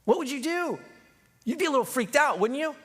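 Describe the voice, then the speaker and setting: A man's voice: very high voice, animated, a little fast, fairly bright tone. A man preaching a conversational sermon as pastor, joking and acting out quoted voices.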